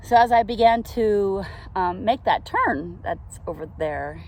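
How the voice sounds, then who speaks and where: A middle-aged woman speaks slowly and earnestly, reflecting on a personal experience in a casual storytelling way. Her voice sits a little low, and a faint outdoor hum from the park runs behind her. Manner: earnest, reflective, with soft laughs. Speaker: vlogger telling a faith story.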